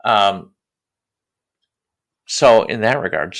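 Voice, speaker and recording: A man hosts a podcast in a relaxed, encouraging tone. He talks straight to the listeners in a casual, conversational way. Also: on the low side, moderate pace. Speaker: podcast host. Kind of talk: casual interview chat.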